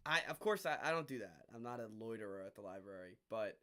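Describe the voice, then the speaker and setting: Animated, bright-voiced young man. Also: on the low side, quick pace. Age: young adult. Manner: animated storyteller, acts out quoted exchanges. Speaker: podcast co-host. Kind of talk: casual chat.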